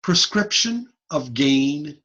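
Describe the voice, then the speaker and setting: A man giving an informal online lecture, lively and blunt, over a computer mic on a video call. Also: a little high, takes it slowly, muffled recording. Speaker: audiology lecturer.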